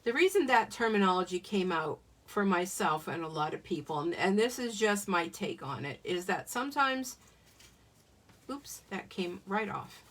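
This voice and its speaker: A woman's voice: mid-range voice, expressive, moderate pace, fairly bright tone. A middle-aged woman demonstrating card-making on a live stream, chatty and self-joking, laughing often. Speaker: craft demonstrator. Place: home craft desk. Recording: voice a bit far from the mic.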